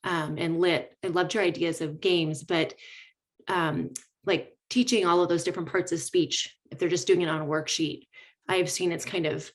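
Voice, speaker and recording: A woman teacher asking a question from the floor of a workshop. She speaks politely and hesitantly, with frequent ums. Her voice sits a little low for a woman. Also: fairly even intonation, moderate pace. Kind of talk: audience question. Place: workshop room.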